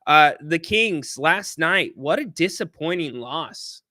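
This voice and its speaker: A man's voice: a little high, lively intonation, takes it slowly, bright, forceful tone, no room sound, studio quality. A man hosting a casual sports talk livestream, chatting animatedly and reading viewer comments aloud. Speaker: sports talk show host.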